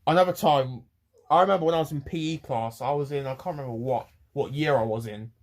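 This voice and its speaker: An eighteen-year-old man rants to camera, rambling, with many pauses and restarts. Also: medium pitch. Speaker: vlogger. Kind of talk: ranting to camera.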